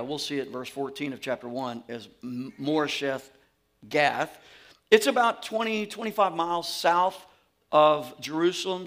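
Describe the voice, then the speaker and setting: A man from Louisiana with a Southern accent, teaching a sermon in an animated, folksy way. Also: a little high. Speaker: pastor.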